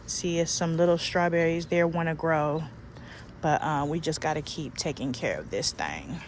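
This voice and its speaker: A woman's voice: low-pitched, moderate pace. Chatty woman vlogging with background noise. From California, USA. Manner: chatty, folksy, calls viewers y'all and child. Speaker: gardening vlogger. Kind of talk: casual vlog chat to camera. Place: store aisles and outdoor garden.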